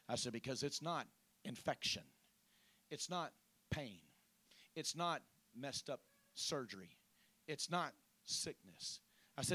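A pastor preaching a testimony, moving from chatty storytelling to loud, fervent prayer. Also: male voice, mid-range voice, animated, normal speed, long pauses. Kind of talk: sermon testimony.

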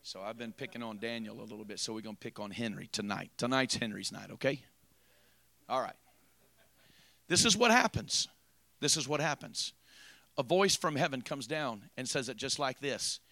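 A man preaching a sermon, moving from quiet storytelling to loud, drawn-out preaching. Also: medium pitch, animated, gravelly, no room sound.

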